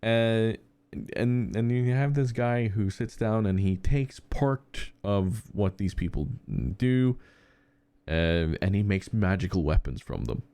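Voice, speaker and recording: Low-pitched male podcast co-host, dry recording; loose, rambling storyteller who restarts sentences. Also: slow pace, warm tone, smooth, dry recording. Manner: rambling anecdotes with frequent fillers and restarts. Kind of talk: casual chat.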